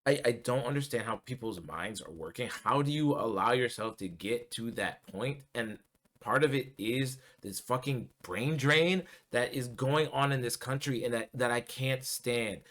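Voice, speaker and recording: A man's voice: medium pitch, normal speed, a bit bright. A man ranting casually about politics in an agitated, profane way, full of ums and restarts. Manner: heated, profane, many fillers and restarts. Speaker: political commentary vlogger.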